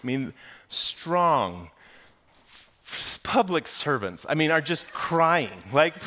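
Animated, self-mocking male preacher. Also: a little high. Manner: lively self-mocking storyteller, quick asides. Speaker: pastor. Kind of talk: sermon.

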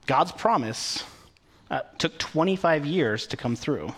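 A man's voice: a little high, expressive, takes it slowly, fairly bright tone, husky. A man preaching a sermon in a conversational, storytelling way, with occasional fillers. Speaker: pastor.

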